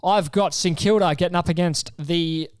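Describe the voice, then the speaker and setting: A man's voice: fairly high pitch, fairly even intonation, moderate pace, clear, resonant tone, no room sound. A young Australian man co-hosting a podcast in casual chat, laid-back and teasing, reading out lists matter-of-factly. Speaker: podcast co-host.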